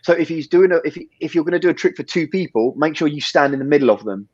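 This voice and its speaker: Fast-talking man telling stories. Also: fairly high pitch, animated, slightly rough, no room sound, muffled recording. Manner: quick, rambling storytelling with many fillers and restarts. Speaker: podcast guest, magician. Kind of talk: casual interview chat.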